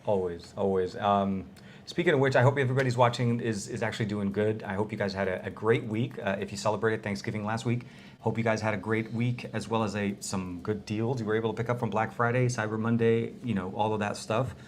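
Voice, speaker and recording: A man's voice: lowish voice, fairly even intonation, brisk, slight background noise. Chatty man co-hosting a tech podcast. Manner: chatty, laughs often, many restarts. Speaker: podcast co-host. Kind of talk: casual tech podcast chat. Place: small cozy room.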